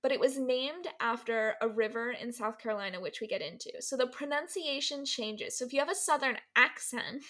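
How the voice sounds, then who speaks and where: Woman podcast host, slightly high voice, bubbly and laugh-prone, chatty storyteller. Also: brisk, few pauses, a bit bright. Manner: bubbly, laughs often, playful teacher act. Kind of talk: casual storytelling chat.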